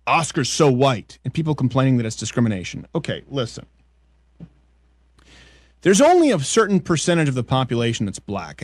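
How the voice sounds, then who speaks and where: A male podcast host from French Canada who talks in opinionated, joking rants. His pitch swings up and down a lot. The sound is dry and close, with no room in it. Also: dry recording. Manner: opinionated, animated, jokey rants. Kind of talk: casual comedic political chat.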